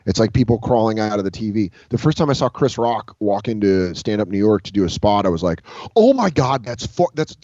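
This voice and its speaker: A man's voice: on the low side, fast talker, few pauses, no room sound. A man, a comedian guest, telling rambling stories in casual interview talk, cursing freely and acting out other people's lines. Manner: rambling, profane, animated quoting of others. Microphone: video call. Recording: dull lo-fi video call audio.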